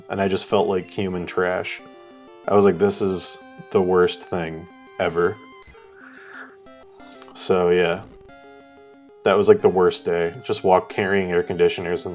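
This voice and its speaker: Low-voiced man telling a rambling story. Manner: rambling, swears, acts out quotes loudly. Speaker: co-host of a live art stream. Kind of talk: casual storytelling chat.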